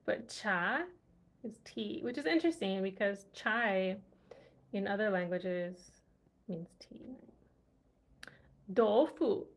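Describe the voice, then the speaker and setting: A woman's voice: mid-range voice, slow pace. A woman language vlogger chatting casually, musing aloud and laughing often as she recalls words. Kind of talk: casual livestream chat.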